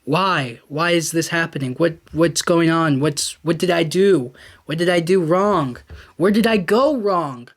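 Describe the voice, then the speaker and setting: A man's voice: fairly high pitch, unhurried. Brief: man lightly voicing a desperate old miser, begging to know what went wrong. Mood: pleading. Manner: pleading, questioning. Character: miserly old man, shaken by his future.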